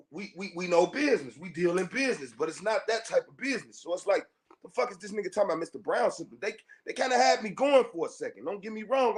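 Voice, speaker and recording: A man hosting a podcast, delivering a heated, profane monologue straight at his listeners, confrontational and full of repetition. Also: high-pitched. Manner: profane, confrontational, repeats himself. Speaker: podcast host.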